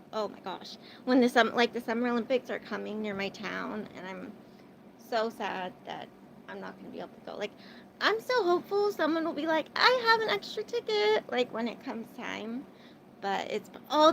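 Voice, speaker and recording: A woman's voice: fairly high pitch, creaky, a little hiss or hum, rough recording. A young adult woman hosting a livestream, chatting casually and rambling with lots of fillers, her accent a mix of types of English. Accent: mixed English. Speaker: livestream host. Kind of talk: casual livestream chat with viewers.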